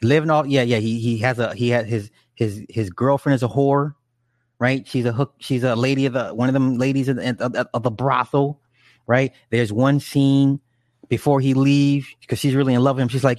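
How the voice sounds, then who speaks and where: A man's voice: mid-range voice, steady tone, moderate pace, a little mellow, no room sound, studio quality. A man casually retelling a story in a rambling, profane way, with frequent restarts and asides. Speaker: film recapper. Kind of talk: casual chat.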